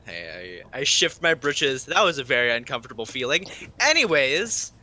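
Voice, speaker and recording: A man's voice: medium pitch, very animated, moderate pace, pushed and bright. A man playing a tabletop game, joking crudely and stammering as he talks in and out of character. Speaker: player. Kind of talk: casual tabletop role-play.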